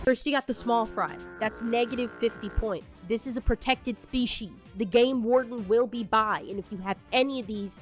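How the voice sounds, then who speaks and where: A woman telling stories in casual commentary, crude and joking in an animated way. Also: fairly high pitch, normal speed, few pauses, soft background music. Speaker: YouTube commentator.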